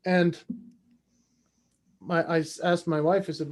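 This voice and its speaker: A man in his forties, a podcast guest, telling an animated personal story and acting out the voices in it. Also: a little high, slow. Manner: acts out voices in his stories.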